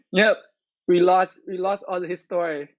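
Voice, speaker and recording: A man chats casually on his live stream, venting his complaints and often breaking off to restart a sentence. His voice sits high for a man. The audio is dull and lo-fi. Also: no room sound. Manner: aggrieved, ranting complaint with repeated restarts.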